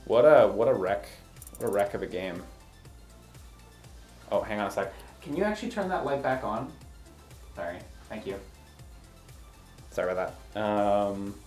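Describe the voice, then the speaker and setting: A man giving casual game review commentary, sarcastic and exasperated, breaking into animated rants. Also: lowish voice.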